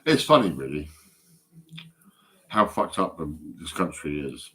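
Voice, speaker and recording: Rambling, husky low-voiced man. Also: sing-song, measured pace, sharp tone. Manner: swearing, rambling, repeats himself. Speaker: vlogger. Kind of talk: casual rambling monologue. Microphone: phone.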